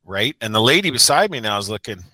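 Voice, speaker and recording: Bright-voiced man telling a story. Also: fairly low pitch, big pitch swings, quick pace, no echo. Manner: rambling, self-mocking anecdote telling. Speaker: sports coach. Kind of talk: casual podcast storytelling.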